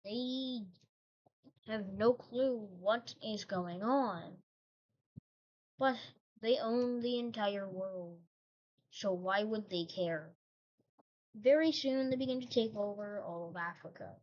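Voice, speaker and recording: A woman's voice: mid-range voice, slow pace, pauses often. A woman host telling a made-up history story in a casual, rambling way, breaking off into joking asides. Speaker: channel host. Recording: dull lo-fi recording.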